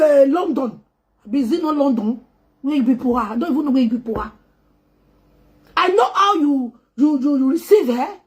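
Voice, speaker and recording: A woman's voice: high voice, darkish tone. A woman making an impassioned, pleading spoken appeal, switching between English, Pidgin and a local language. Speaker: entertainer appealing to two public figures.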